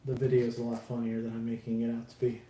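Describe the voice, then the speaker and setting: A man's voice: mid-range voice, completely flat delivery, fast, mellow. A man live streaming while building a model kit, chatting casually with viewers in a rambling, self-deprecating way and swearing freely. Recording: roomy echo, faint background noise.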